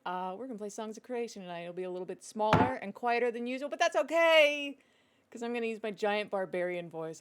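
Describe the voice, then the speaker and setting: A woman hosting a tabletop game stream from her home office, chatting casually over a video call and joking. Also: mid-range voice.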